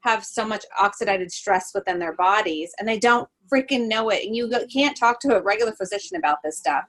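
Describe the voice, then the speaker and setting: This podcast host, a holistic travel nurse, talks a little fast in a medium-pitched voice, and the audio quality is poor. She's an animated storyteller in casual conversation. She laughs a lot and fills her speech with fillers.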